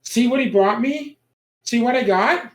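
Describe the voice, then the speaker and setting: A man's voice: very high-pitched, measured pace, pitched above the performer's own voice. A man voicing an eerie little girl of about nine, sweet and innocent on the surface.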